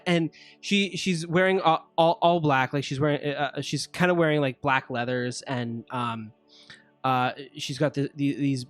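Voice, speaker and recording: A man's voice: medium pitch, no room sound, faint music behind. Easygoing man running a tabletop game. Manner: relaxed, halting narration with fillers. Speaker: game master.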